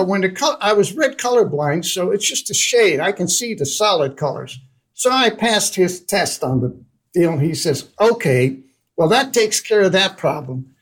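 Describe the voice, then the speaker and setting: An older man from the Netherlands, a guest in an interview, telling a personal story in a lively way and acting out the lines of the people in it. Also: sits high, rough recording. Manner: animated storyteller who acts out dialogue. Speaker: guest investor.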